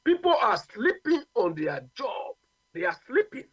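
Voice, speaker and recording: A man's voice: extremely high pitch, sing-song, a little slow, husky, dry recording, dull audio. Emphatic Ghanaian man on the radio. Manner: emphatic, repeats "you understand?". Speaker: radio guest. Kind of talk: opinionated radio talk.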